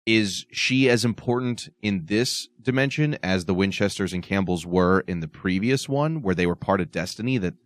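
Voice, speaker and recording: Low-voiced male podcast host. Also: normal speed, few pauses. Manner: analytical, swears freely. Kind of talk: casual chat.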